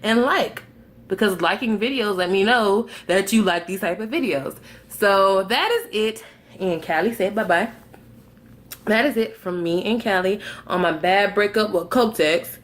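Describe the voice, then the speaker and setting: A young woman vlogger telling a story to camera in a loose, conversational way. She is animated and dramatic, swears freely, and plays out both sides of the conversation. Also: mid-range voice, a little slow. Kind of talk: casual storytime vlog.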